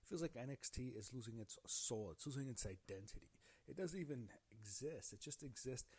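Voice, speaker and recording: A man's voice: mid-range voice, expressive, fairly quick, a little mellow, breathy edge, no echo. A man giving a casual spoken review, rambling with many fillers and self-corrections and sounding openly annoyed. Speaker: show reviewer.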